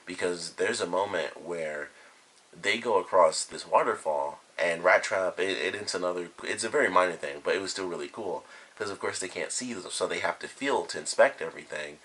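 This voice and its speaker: A man's voice: sits low, moderate pace, fairly bright tone, slightly rough. A man giving a casual spoken review of a cartoon episode, retelling scenes in a loose, rambling way full of "like" and "you know". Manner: rambling, filler-heavy retelling.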